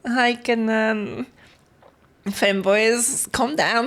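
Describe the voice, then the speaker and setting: A woman's voice: medium pitch, fairly even intonation, measured pace, a bit bright. A woman streamer in casual livestream chat, talking while eating, laughing often and greeting her chat between stories.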